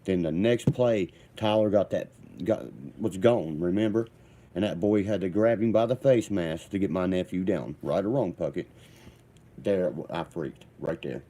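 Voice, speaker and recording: A man's voice: low voice, normal speed, dark tone. A man telling a heated, profane story in a rambling, combative way. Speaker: vlogger.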